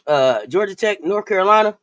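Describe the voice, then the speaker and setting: A woman's voice: mid-range voice, expressive, fairly quick. Giggly woman co-hosting a live stream. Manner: giggly, breaks into laughter, repeats phrases. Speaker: co-host. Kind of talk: casual live-stream chat.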